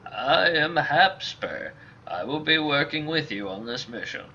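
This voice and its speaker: A man voicing a gruff old male mercenary in a video game, with a slow, stately delivery. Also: a little high, animated, sharp tone, voice pushed up, full character voice. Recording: dull lo-fi with faint hiss.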